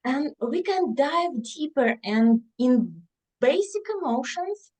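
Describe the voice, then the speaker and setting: A woman with English, speaking as a guest parenting expert on a podcast, explaining in an earnest, gentle way. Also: sits high, lively intonation, slow pace, low-quality recording. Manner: earnest, gentle, non-native phrasing.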